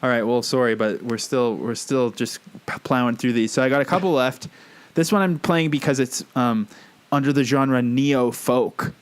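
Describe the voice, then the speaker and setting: A man co-hosting a podcast in loose, casual chat. He talks wryly, laughs often and swears offhandedly. His voice sits at a medium pitch. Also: fairly even intonation, normal speed, smooth. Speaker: podcast co-host.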